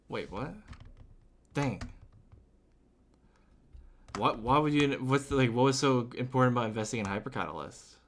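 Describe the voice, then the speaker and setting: A man's voice: mid-range voice, a bit bright, a little hiss or hum. A young man chatting casually on a game stream, rambling through answers to chat with lots of fillers and restarts.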